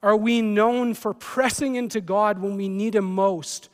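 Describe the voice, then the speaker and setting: A man with a high voice preaches to his church, trading scripture reading for relaxed, joking asides. His voice carries a long reverb, as if recorded in a church hall. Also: unhurried, clear, resonant tone. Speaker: pastor. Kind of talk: sermon.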